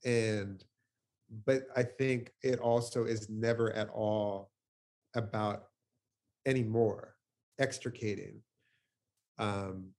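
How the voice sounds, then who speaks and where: Laughing, animated man on a video call. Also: lowish voice, takes it slowly, long pauses. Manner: animated, laughs often, swears casually, many fillers. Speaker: poet guest. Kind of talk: reflective conversational storytelling.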